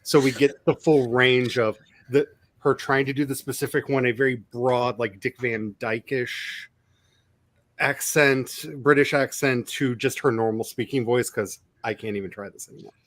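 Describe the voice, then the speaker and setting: A man hosting a casual chat, rambling enthusiastically and trailing off into quieter asides. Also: mid-range voice, fairly even intonation, normal speed, dry recording. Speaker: host.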